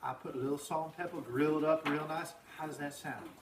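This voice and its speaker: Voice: medium pitch, steady tone, fairly quick, lightly acted. A teacher playing a folksy, boastful diner cook and waiter who talks in a drawl, taking orders from a group of children. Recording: roomy, distant, noisy outdoor classroom.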